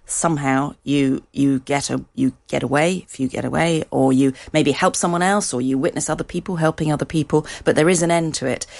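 A woman speaking as an interview guest, explaining research in a measured, conversational way. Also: sits low, gravelly. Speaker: guest expert.

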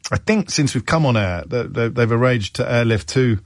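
A man's voice: mid-range voice, expressive, normal speed, no echo, studio quality. A middle-aged man hosting a radio phone-in show, telling stories in a wry, rambling way and correcting himself as he goes. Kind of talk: chatty on-air monologue. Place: radio studio.

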